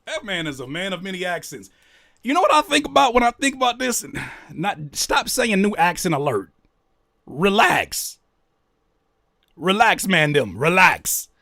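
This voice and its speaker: Animated man hosting a reaction video. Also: high voice, creaky, dry recording, studio quality. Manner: animated, mocking, exclaims loudly when worked up. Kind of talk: casual commentary.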